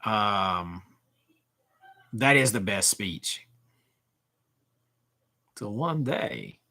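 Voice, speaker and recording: A man in his forties chatting casually on a livestream, with a bright, forceful tone. His pitch swings all over as he reacts to chat comments. He rambles and restarts his sentences often. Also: expressive, drawn-out words. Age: 40s. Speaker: livestream host.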